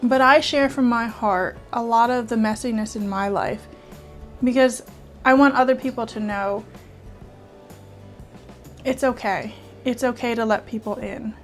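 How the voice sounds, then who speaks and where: A middle-aged woman sits in her home studio and speaks openly to her viewers, her voice set a little high. She talks in an earnest, halting way, stumbling and restarting, close to tears at times. Faint music plays under her voice. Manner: earnest, halting, with many restarts and soft laughs. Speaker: art YouTuber and children's author. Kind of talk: heartfelt personal vlog talk. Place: home studio with painting behind.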